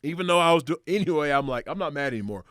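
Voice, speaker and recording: A man as a podcast guest, telling a hunting story in casual, animated and profane style, acting out quotes. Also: on the high side, racing, no echo, studio quality. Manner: animated, profane, excitable retelling with acted quotes.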